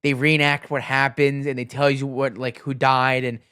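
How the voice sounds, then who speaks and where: A young man chats as a podcast co-host and tells stories in an easy, casual way. His voice is smooth and clear, with no echo in the room. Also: mid-range voice, level tone, moderate pace, pushed and bright, clean studio sound. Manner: chatty storyteller, swears casually. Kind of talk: casual chat.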